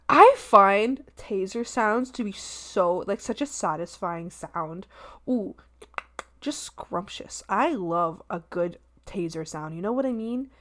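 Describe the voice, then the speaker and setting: A young adult woman chatting casually on a live stream, animated and laughing often as she talks with viewers. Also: mid-range voice, slow pace. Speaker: art streamer.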